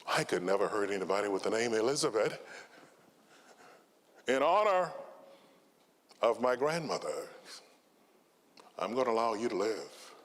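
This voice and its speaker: A man voicing an adult male burglar, polite but ruthless, in a raised, excited tone. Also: normal speed, pauses often. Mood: gushing. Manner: high, excited and pleading. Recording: reverberant conference hall.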